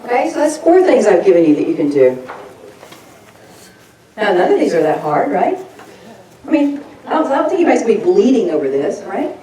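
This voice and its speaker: A woman's voice: medium pitch, very animated, a little fast, pauses often, warm tone, slight background noise. A woman giving a folksy, fired-up political rally speech, laughing often as she talks. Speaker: rally speaker. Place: rally crowd event. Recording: echoey sound from far off.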